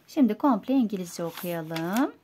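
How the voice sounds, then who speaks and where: A woman with a Turkish accent teaching English vocabulary and reading a simple story aloud, slow and clear, going word by word. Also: mid-range voice, animated, dark tone, slight background noise. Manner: slow, clear, explaining words one by one.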